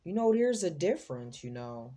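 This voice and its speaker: Female tarot host, low mellow voice, casual and slangy, exclaims freely. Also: sing-song, normal speed. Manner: chatty, slangy, exclaims as she reads the cards. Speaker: psychic tarot reader, host.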